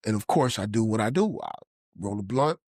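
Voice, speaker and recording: A man's voice: on the low side, animated, a little fast, darkish tone, dry recording, clean studio sound. A man sharing a personal faith testimony in earnest storytelling, acting out the voices of people he quotes. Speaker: podcast guest telling his testimony.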